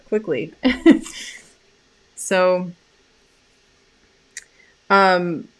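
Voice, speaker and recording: Speaking in a rather low voice, this woman runs a live stream about how animals communicate. Her delivery is soft and relaxed, wandering with frequent fillers and false starts.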